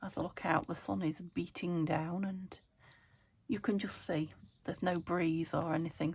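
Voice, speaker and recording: British woman, craft host, lowish croaky voice, casual running chat with muttered asides. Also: fairly even intonation, moderate pace, a little mellow, slight background noise. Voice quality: a bit croaky. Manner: chatty, talks to her materials, murmured asides, frequent laughs.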